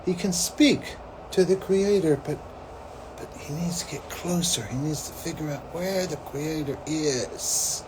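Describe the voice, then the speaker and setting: A man's voice: a little high, unhurried, noisy background. A man hosting a psychic show, telling a story in a rambling, casual way, full of "like" and "you know". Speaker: psychic host.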